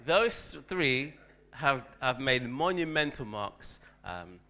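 A man who teaches school gives an anecdotal church talk, telling a story about himself with a self-deprecating touch. His voice is bright and forward, set at a middling pitch for a man. He often restarts his sentences as he goes. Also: big pitch swings, slow.

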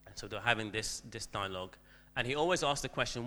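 A man who teaches school gives an anecdotal church talk, telling a story about himself with a self-deprecating touch. His voice is bright and forward, set at a middling pitch for a man. He often restarts his sentences as he goes. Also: a little fast, few pauses.

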